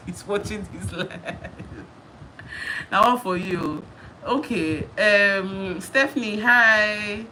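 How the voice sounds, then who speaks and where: A Nigerian YouTuber in her thirties answers viewer questions on a live Q&A stream, chatting casually, laughing often and repeating herself. Her mid-range voice is bright and forceful, and she takes her time. The live-stream audio is noisy.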